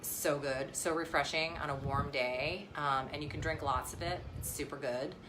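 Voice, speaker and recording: A woman's voice: low voice, normal speed, a crowd in the background. A woman in her thirties, a mom chatting on a casual live stream, rambling with lots of fillers and restarts. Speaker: vlogger and mom. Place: outdoors near the beach. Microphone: phone live stream.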